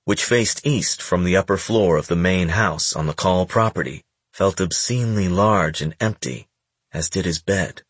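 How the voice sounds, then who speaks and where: A man reading a novel aloud as an audiobook narrator in a measured, even manner. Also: low-pitched, breathy edge, dry recording. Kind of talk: scripted narration.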